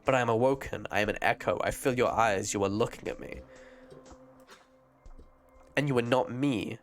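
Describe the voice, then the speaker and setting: A man voicing an ancient disembodied echo spirit in an improvised live-stream role-play, speaking in slow, formal, archaic phrasing. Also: mid-range voice, soft background music, pitched below the performer's own voice, close to an everyday voice. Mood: unsettled.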